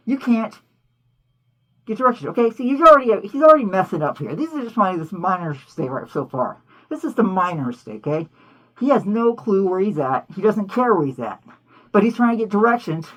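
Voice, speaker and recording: A woman hosting a cartoon commentary, talking in an animated, indignant way full of rhetorical questions. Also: medium pitch, dull audio. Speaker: host.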